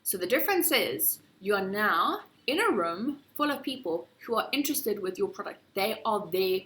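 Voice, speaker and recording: Bright, lively businesswoman presenting. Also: moderate pace. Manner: lively, acts out sales pitches in a chirpy voice. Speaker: marketing agency director.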